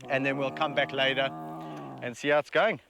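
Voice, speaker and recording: A South African lion sanctuary keeper talks on location in a relaxed, chatty way, speaking fondly of his animals. His voice is mid-range and his pace normal.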